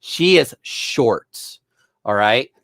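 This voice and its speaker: A man's voice: medium pitch, expressive, drawn-out words, fairly bright tone, no echo, studio quality. A young man, a bartender, telling rambling stories from work in a casual way, often chuckling. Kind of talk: casual storytelling.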